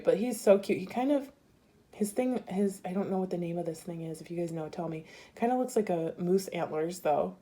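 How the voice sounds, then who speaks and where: A woman's voice: mid-range voice, dark tone. A woman from Arizona chatting casually through an unboxing for her viewers, gushing and giggling as she talks. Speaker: bead crafting vlogger.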